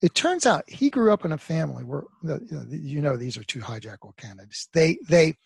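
A man talking as a therapist on a talk show, telling a client story with emphatic bursts that trail off into quiet asides. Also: on the high side, sing-song, a little fast, vocal fry, slightly rough, no echo. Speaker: guest therapist. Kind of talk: conversational interview talk.

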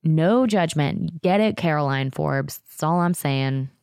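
A woman in her thirties hosting a podcast, telling a story in a chatty, animated way with lots of fillers and acted-out quotes. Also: deep voice, measured pace, creaky, smooth, no room sound, studio quality. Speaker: podcast host. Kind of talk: casual storytelling chat.

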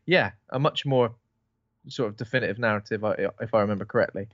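A man's voice: on the low side, fairly quick, fairly bright tone, dry recording. Man, podcast co-host, rambling casual chat, muffled dull sound, dry. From Bristol. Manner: rambling, self-interrupting, informal.

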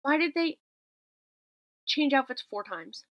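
A woman's voice: high voice, big pitch swings, slow, no room sound, rough recording. A woman co-hosting a podcast, chatting casually and wryly as she recaps a movie scene by scene. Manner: chatty, wry, recounting scenes with quoted lines. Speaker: podcast co-host.

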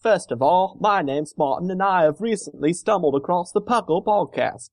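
A man's voice: high-pitched, normal speed, no echo. A man with a put-on English accent reading a fan letter as a cheeky young lad, chirpy and slangy. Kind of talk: reading a listener letter aloud.

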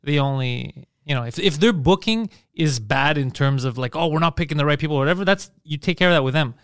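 A man hosts a casual podcast conversation in a rapid, rather high voice. He is blunt and emphatic and swears freely. The sound is close and dry, with no room around it. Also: fairly bright tone, clean tone, no echo. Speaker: podcast host.

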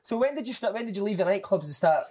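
Scottish male host, husky, animated, chatty interjector. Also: sits high, racing. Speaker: podcast host. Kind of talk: casual interview chat.

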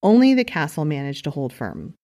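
A woman's voice: sits low, sing-song, fairly quick, warm tone. A woman narrating history in an informal way, with wry, chatty asides.

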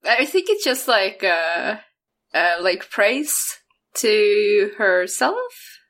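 A woman's voice: medium pitch, sing-song, very slow, a bit bright. A woman player in a tabletop game, chatting casually and giggling often. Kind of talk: casual chat.

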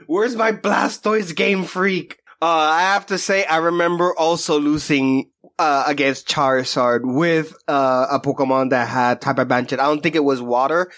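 A man co-hosting a podcast in casual chat, an animated storyteller who laughs often. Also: medium pitch, moderate pace. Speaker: podcast co-host.

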